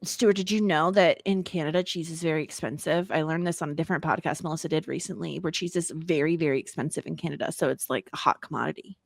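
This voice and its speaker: A woman's voice: deep voice, fast talker, gravelly, hardly any pauses, no echo. A woman co-hosting a podcast in a casual chat, playful and emphatic, teasing her co-host.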